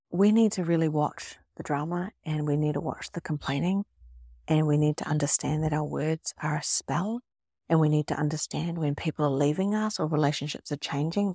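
A woman's voice: lowish voice, no room sound. Woman, middle-aged, spiritual coach, emphatic monologue, dry close sound. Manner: expressive, emphatic, acts out quoted friends. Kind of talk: casual motivational monologue.

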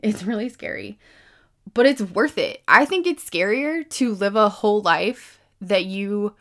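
A woman's voice: lively intonation, a little slow. A woman of about thirty talks straight to her listeners in a loose, unscripted self-help monologue. Her voice sits in a middle range and leaps up in bursts of emphasis, peppered with "like" and casual swearing. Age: around 30. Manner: chatty, lots of "like", swears freely, emphatic swings in pitch and loudness. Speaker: podcast host.

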